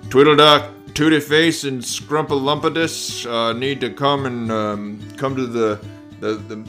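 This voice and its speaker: A man's voice: medium pitch, fairly even intonation, a little slow, a bit bright, soft background music, natural voice. A man playing a grumbling store employee reading a stumbling announcement in a children's story.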